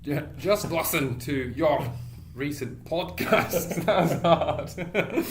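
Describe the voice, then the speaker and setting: A man's voice: on the high side, expressive, slow, soft background music. A man in his twenties co-hosting a casual podcast, joking and often laughing at himself. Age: 20s. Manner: joking, giggly, self-mocking. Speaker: podcast co-host. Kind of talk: casual chat. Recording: echoey room.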